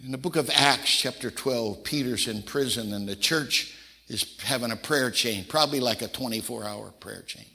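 In a reverberant hall, an older man delivers a sermon full of folksy personal anecdotes, voicing the people he quotes. His mid-range voice is bright and forceful.

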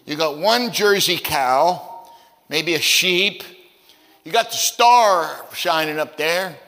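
A man preaching a sermon as pastor, telling stories in a folksy, conversational way, with stammered repeats, dropping low and then rising to loud, emphatic peaks. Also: animated, slow, big-room sound. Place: church sanctuary.

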